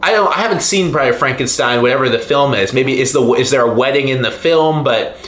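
A man's voice: medium pitch, brisk, a bit bright. A man co-hosting a podcast, playful and musing aloud in casual chat. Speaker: podcast co-host. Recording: roomy echo.

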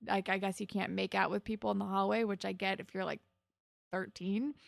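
Young woman with a creaky voice. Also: mid-range voice, little pitch movement, a little fast, no echo, clean studio sound. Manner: retelling scenes with laughs and swearing. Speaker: podcast co-host. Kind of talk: casual recap chat.

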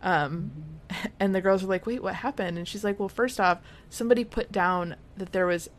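In a medium-pitched voice at a moderate pace, a woman co-hosting a podcast recaps scenes in casual conversation. She chats her way through the story and performs the characters' quotes as she goes.

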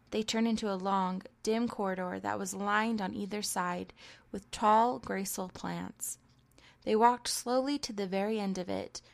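Brief: female audiobook narrator, steady scripted storytelling. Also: mid-range voice, moderate pace, vocal fry.

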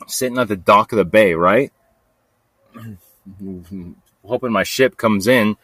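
A man hosting a podcast, telling a story in a rambling, restless way that swings from low mutters to sudden loud bursts. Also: slow pace, slightly rough, dry recording. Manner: rambling, restless, talks to himself with lots of "like" and "freaking". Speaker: podcast host. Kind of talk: casual storytelling monologue.

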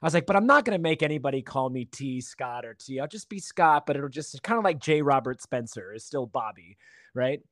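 Animated storytelling man, dry close sound. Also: mid-range voice, fairly quick, no room sound. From Virginia Beach, USA. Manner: animated storyteller, acts out quotes. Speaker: guest, stage actor. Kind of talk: casual podcast chat.

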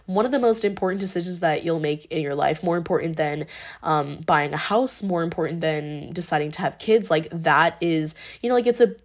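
A woman's voice: low voice, brisk. A young woman hosting a podcast, talking through her thoughts in a casual, rambling monologue with lots of fillers and restarts. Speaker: podcast host.

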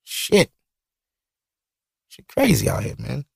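A man in his thirties with a Brooklyn accent hosts his own podcast and talks in a loose, rambling, profane way. His voice sits in a middle pitch with a gravelly edge. The sound is dry and close, with no room around it. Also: wildly swooping pitch, takes it slowly, a little mellow, no room sound. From Brooklyn, New York. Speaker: podcast host. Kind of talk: casual solo podcast talk. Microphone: studio mic.

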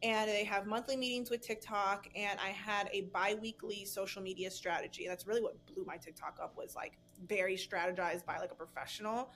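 A woman's voice: medium pitch, steady tone, fairly quick, hardly any pauses, a bit bright, a little hiss or hum. A young adult woman talking casually as a podcast guest, chatty and full of fillers and restarts. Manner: chatty, filler-heavy, frequent restarts and bursts of laughter. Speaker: guest influencer.

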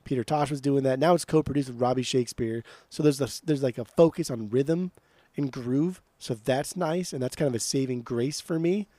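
Blunt, swearing man with a mellow voice. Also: medium pitch, normal speed, few pauses, no room sound. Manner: blunt, profane, repeats words when starting sentences. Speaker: podcast co-host. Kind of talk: casual chat.

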